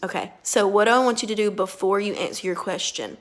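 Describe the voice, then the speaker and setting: A woman with a mid-range voice works as a speech therapist, taking a child through a lesson at a slow, deliberate pace and praising softly.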